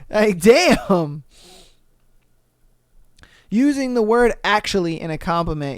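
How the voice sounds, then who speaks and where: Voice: medium pitch, sing-song, takes it slowly, long pauses, dry recording, clean studio sound. A podcast host reads online posts aloud and reacts with slang, swearing and laughter. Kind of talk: casual reaction commentary reading online posts.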